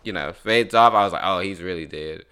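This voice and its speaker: Young man, casual chat, bright clear voice, relaxed, laughs a lot. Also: low-pitched, brisk. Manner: relaxed, laughs often, swears.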